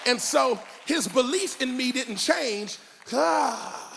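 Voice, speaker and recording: A male pastor preaching a lively, comic sermon to a church, often breaking into shouts. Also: extremely high pitch, takes it slowly, vocal fry, slight background noise.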